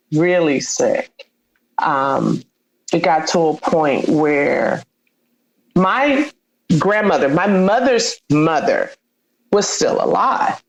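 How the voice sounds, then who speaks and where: A woman's voice: sits low, a little hiss or hum, poor audio. A woman guest in an interview, telling a personal story with feeling and acting out the dialogue she quotes. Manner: heartfelt, acts out quoted dialogue.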